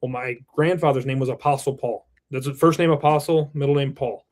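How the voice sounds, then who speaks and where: A man's voice: mid-range voice, fairly even intonation, fairly quick, darkish tone. A man in his thirties, a company president, talking earnestly and reflectively in a casual interview, with the odd curse word. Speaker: roofing company president, podcast guest.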